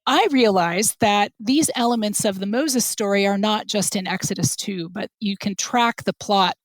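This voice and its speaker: A woman's voice: mid-range voice, moderate pace, no room sound. A woman guest scholar explaining her research on a podcast, thoughtful and hesitant, with fillers and restarts.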